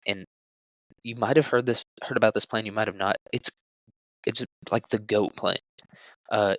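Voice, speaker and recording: Lower-pitched young man rambling casually. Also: fairly bright tone, dry recording, rough recording. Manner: crude, joking, rambling with fillers. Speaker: podcast host. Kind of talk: casual solo podcast talk.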